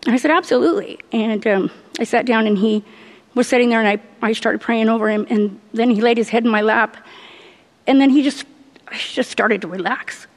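Middle aged woman sharing her church testimony, earnest, stops and restarts, laughs a lot, kinda high voice, long hall echo. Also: fairly even intonation. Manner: earnest, halting, laughs often. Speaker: church member giving testimony. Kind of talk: personal faith testimony.

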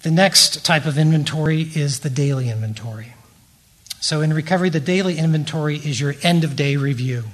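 A man's voice: fairly high pitch, brisk, a bit bright. Earnest middle-aged man teaching recovery. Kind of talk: prepared teaching talk at a recovery meeting.

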